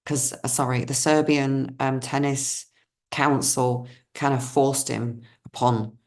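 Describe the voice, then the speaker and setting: A woman with a strikingly low voice chats as a spiritual card reader. She wanders from story to story, loses her thread and gushes with enthusiasm. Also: fairly even intonation, takes it slowly. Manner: enthusiastic, effusive. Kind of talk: casual digressive storytelling.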